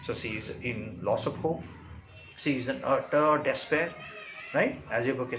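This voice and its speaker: A male teacher with an Indian English accent walks through a story line by line, tagging nearly every phrase with "right?" or "okay." His voice sits in a middle pitch, and a faint hum runs underneath. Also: a bit bright, poor audio. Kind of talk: explaining a story to a class.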